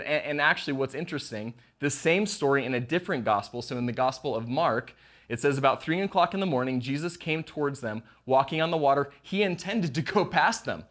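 A man's voice: medium pitch, animated, a little fast, a bit bright. A man preaching a casual online sermon as pastor, conversational and jokey, acting out the lines he quotes.

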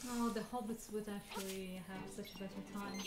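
A woman's voice: mid-range voice, fairly even intonation, fairly quick. A young woman chatting casually beside a game stream, giving short remarks and laughing easily. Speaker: streamer's partner chatting off to the side. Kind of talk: casual chat. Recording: roomy sound with game music.

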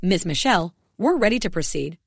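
A woman's voice: lowish voice, sing-song, brisk, creaky, breathy edge, no echo, clean studio sound, full character voice. A woman voicing a scheming businessman who grows defensive and suspicious, read in a storybook narration style. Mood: tense. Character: scheming businessman, adult male.

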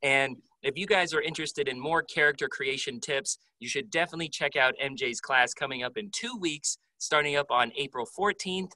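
A young man with a very bright, forceful voice, a touch higher than most men. He hosts with eager enthusiasm, recorded close and dry with no room echo. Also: moderate pace, few pauses. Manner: enthusiastic, affirming. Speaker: host. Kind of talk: casual interview chat.

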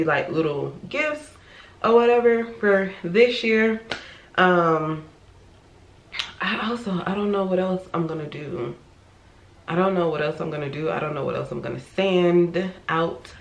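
Here the Florida vlogger sounds low-pitched and a little slow, with dull audio. It's casual chat from her home, full of rambling and mid-sentence self-corrections, recorded in an echoey room with a faint noise floor.

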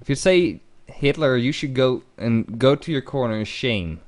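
A man chatting on a charity stream voice call as a guest voice impressionist, earnest and halting, often repeating his words. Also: medium pitch, expressive, a little mellow. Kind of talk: casual chat on a voice call.

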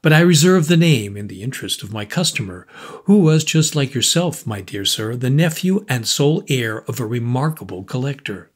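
A man's voice: medium pitch, animated, moderate pace, breathy edge. A man doing a dry, biting old dealer. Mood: wheedling. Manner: sharp, impatient, chuckling.

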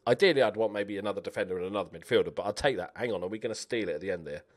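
A young man giving chatty, animated commentary while playing a game, cheering on his players. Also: fairly low pitch, racing. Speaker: gaming YouTuber. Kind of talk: casual let's-play commentary.

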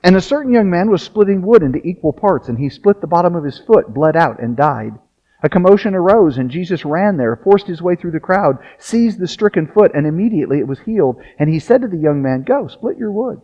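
A man's voice: fairly high pitch, lively intonation, brisk, dark tone. A male pastor preaching a sermon, reading a long passage aloud with casual asides. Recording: dull lo-fi sound.

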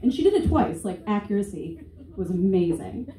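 On stage, a twenty-something woman delivers a stand-up set that's conversational, sarcastic and full of profanity. She speaks at a moderate pace with a mellow, medium-pitched voice and big pitch swings, recorded in an echoey room from a distant mic with faint noise.

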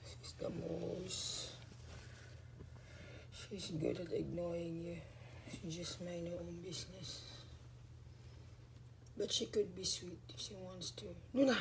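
A woman cooing baby talk to her pet hamsters in a high sing-song, dropping to low murmured asides. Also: fairly even intonation, measured pace, pauses often, darkish tone, slight background noise.

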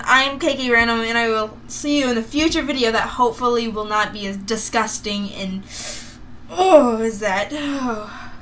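A woman's voice: a little high, measured pace, a bit bright, slight background noise. A young woman reacting to gross videos with gasps, squeals and nervous chat. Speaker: YouTuber.

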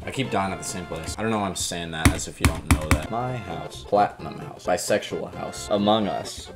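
A young man giving casual, joking commentary while streaming a game, with frequent excited exclamations. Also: low-pitched, a little fast. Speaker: streamer playing a platform game. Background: loud game music.

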